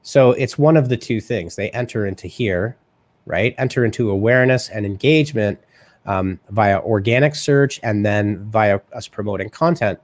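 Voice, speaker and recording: Fast-talking man hosting a live show. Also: lowish voice, no echo. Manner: fast, casual, says "right?" a lot. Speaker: host. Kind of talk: live marketing show chat.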